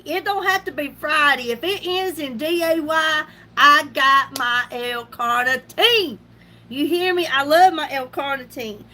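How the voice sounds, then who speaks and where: A woman's voice: high-pitched, takes it slowly, bright, forceful tone. A middle-aged woman chatting casually on a makeup livestream, laughing often and greeting viewers by name. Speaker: beauty livestream host. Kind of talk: casual makeup live chat.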